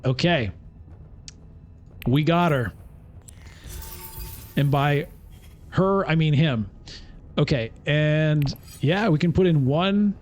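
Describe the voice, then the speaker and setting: A man's voice: a little high, slow pace, long pauses, darkish tone, faint music behind. A man giving casual, chatty commentary as he plays a digital board game, thinking aloud. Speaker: streamer.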